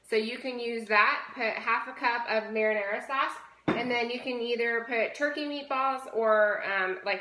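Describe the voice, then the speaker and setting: A woman's voice: on the high side, bright, forceful tone, reverberant, poor audio. A woman giving a casual cooking demonstration in a home kitchen, explaining each step in a chatty way and checking in with "okay?". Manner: chatty, instructive, frequent "okay?" check-ins. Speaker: fitness challenge host.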